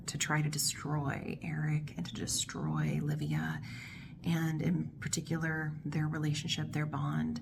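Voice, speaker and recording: A woman's voice: sits low, unhurried, creaky, noisy background. A woman hosting her own book vlog, chatting casually and expressively as she gushes about her reading. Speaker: book vlogger host.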